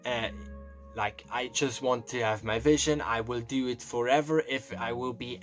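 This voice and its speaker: A man's voice: mid-range voice, steady tone, normal speed. A young man telling a confessional story, rambling and emotional, close to tears and swearing often. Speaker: vlogger. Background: faint background music.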